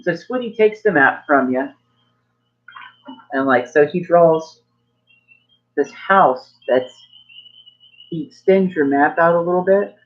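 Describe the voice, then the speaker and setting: Casual, lo-fi game master. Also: mid-range voice. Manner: casual, loose, fillers like "like". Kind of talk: narrating a tabletop game.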